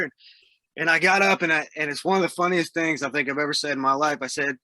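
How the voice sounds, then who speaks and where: Bright-voiced Southern man telling road stories. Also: fairly high pitch, fairly even intonation, quick pace, dry recording. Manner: laid-back storyteller, laughs mid-sentence. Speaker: musician guest. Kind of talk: casual storytelling interview.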